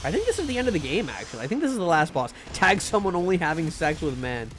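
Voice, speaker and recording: A man's voice: on the high side, sing-song, fast, fairly bright tone, a little hiss or hum. A man streaming a game live, joking around as he plays and reads chat, often repeating words while he talks. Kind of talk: live gameplay commentary and chat reading.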